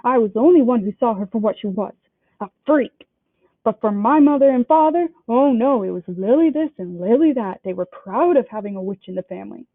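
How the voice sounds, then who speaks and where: A woman reading a storybook aloud and voicing a shrill, resentful middle-aged aunt who rants in a shrieking voice. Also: expressive, brisk, no room sound. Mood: shrill, ranting. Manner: shrieking, ranting in a high pitch. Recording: dry, tinny phone-like sound.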